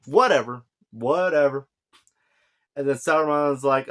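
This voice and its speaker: A man talking through a show episode in a loose, rambling way, stopping often to correct himself and filling gaps with ums and uhs. He drops into quick bits of the characters' lines as he goes. His voice sits at an ordinary middle pitch for a man. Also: a bit bright. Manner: rambling, full of fillers and self-corrections, acts out lines in quick asides. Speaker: show reviewer. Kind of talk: casual spoken recap and review.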